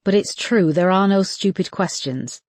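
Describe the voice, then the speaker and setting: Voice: medium pitch, moderate pace, no echo, clean studio sound, voice pushed up, natural voice. An audiobook narrator voicing a big, easygoing Scottish detective constable who reasons through a case. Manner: relaxed, reasoning aloud. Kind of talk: audiobook character voice.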